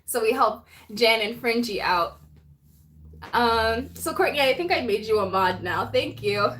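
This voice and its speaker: A woman's voice: a little high, lively intonation, measured pace, fairly bright tone, slight background noise. A woman hosting a casual livestream, chatting and laughing as she greets viewers by name. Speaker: livestream host. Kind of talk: casual live chat with viewers.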